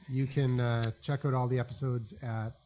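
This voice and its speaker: Deep-voiced male co-host, mellow and dry, casual podcast banter. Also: flat delivery, moderate pace. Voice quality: deep bass resonance.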